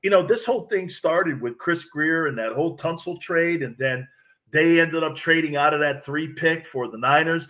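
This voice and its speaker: A sports radio man with a somewhat high voice tells stories in a loose, animated way. He slips into the voices of people he quotes as he goes. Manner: animated, acts out quotes from others. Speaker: sports radio host, guest. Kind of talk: casual sports talk storytelling.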